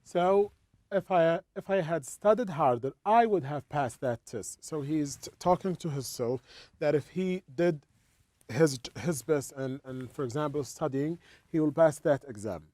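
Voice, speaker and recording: A man teaching an English lesson, explaining slowly and repeating words as he goes. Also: fairly high pitch, darkish tone, no echo.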